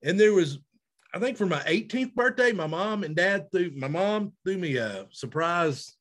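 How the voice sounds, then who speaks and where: A man, co-hosting a podcast in casual chat, animated and self-mocking. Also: high-pitched, moderate pace. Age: 30s. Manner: animated, loud, self-mocking, laughs often. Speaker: podcast co-host.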